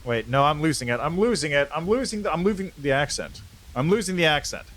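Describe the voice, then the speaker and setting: A man's voice: fairly high pitch, expressive, fast talker, a bit bright, slight background noise. A man streaming a role-playing video game, chatting casually and rambling, poking fun at himself and swearing now and then. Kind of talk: casual gameplay commentary.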